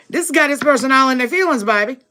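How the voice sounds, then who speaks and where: A woman's voice: sits high, pushed and bright. A woman doing a live-stream tarot reading for her viewers, chatty and familiar, calling them "baby" and "boo", tagging lines with "okay?" and laughing often between remarks. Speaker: tarot reader. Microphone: livestream setup.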